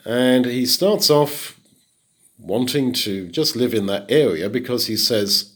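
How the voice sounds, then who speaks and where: A man's voice: medium pitch, slow pace, a bit bright. A middle-aged man teaching through a Bible passage in a conversational way, rising sharply on the words he stresses. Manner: conversational, with emphatic rises on key words. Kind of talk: expository Bible talk.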